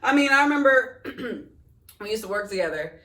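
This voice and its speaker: A woman's voice: a little high, expressive, sharp tone, far from the mic. Teasing woman podcast co-host. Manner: teasing, laughs often, quick comebacks. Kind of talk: casual chat. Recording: roomy, from away from the mic.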